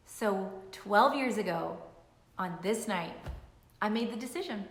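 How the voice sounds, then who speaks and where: A middle-aged woman, a nutritionist, telling an emotional personal story to camera in an animated way, repeating phrases for emphasis. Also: mid-range voice, moderate pace. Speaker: nutritionist and weight-loss coach. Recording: echoey room.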